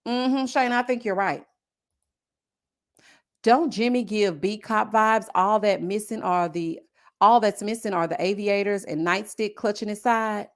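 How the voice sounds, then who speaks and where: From a home setup with a desk mic, a Southern US woman hosts a casual live-stream reality TV review, reading viewer comments aloud and firing back sassy, animated asides. Her voice sits at a medium pitch and moves a little slowly.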